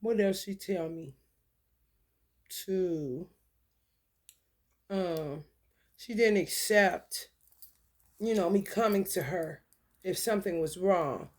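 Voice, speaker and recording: A woman's voice: lowish voice, takes it slowly, long pauses, darkish tone. A woman, telling blunt, profane stories and reading tarot cards in a casual talk. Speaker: tarot reader.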